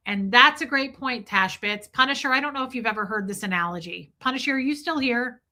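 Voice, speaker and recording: A woman with a bright, forceful voice chats live with her viewers, candid and emphatic. She swears freely and speaks to people in the chat by name. Her voice sits a little above the middle in pitch. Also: a little fast. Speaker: streamer talking to chat. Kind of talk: casual live-stream chat.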